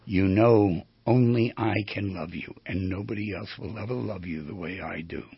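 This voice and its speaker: A man voicing a clingy, possessive mother who speaks low and soft. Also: normal speed, gravelly, breathy edge, no room sound, dull audio, full character voice.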